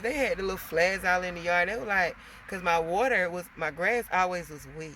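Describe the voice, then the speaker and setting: A woman's voice: lowish voice, a little fast, hardly any pauses, a bit bright, slight background noise. A woman with young kids venting casually to her viewers, swearing freely and calling them y'all. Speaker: vlogger.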